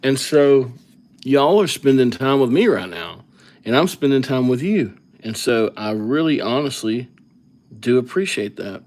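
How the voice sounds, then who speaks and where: A man with an ordinary midrange voice chats on his live stream in an easygoing, rambling way. He wanders off on tangents and thinks aloud as he goes, never rushed or formal. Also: mid-range voice, animated, a little mellow. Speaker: livestream calligraphy host. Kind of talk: casual live-stream chat.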